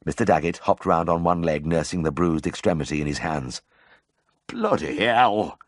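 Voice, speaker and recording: A man's voice: very deep voice, steady tone, fairly quick, no room sound, studio quality. A man narrating a memoir audiobook in the first person, telling the story expressively.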